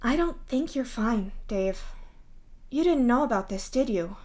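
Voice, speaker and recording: A woman voicing a gentle worried troll girl. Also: fairly high pitch, expressive, unhurried, voice pushed up.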